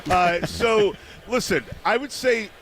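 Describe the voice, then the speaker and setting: A man appearing as a guest sports writer on a radio show, telling wry, animated stories with halting restarts. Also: sits high, a little hiss or hum. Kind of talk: casual chat. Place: broadcast booth on a convention radio row.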